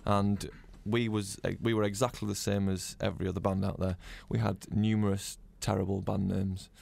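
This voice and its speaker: Gravelly northern English man. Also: fairly low pitch, level tone, normal speed, a little mellow. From northern England. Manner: chatty storyteller, rambling with many restarts. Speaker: band member, guest. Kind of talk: casual interview chat.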